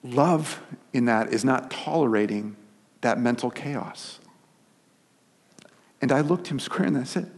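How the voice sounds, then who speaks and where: A man's voice: mid-range voice, measured pace, pauses often, breathy edge, big-room sound. A man preaching a sermon as pastor, telling stories conversationally with restarts and filler words.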